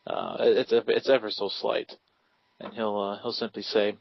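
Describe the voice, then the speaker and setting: A man's voice: lowish voice, flat delivery, normal speed, gravelly. A man narrating a tabletop game as game master, in careful, descriptive speech. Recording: dry, lo-fi sound.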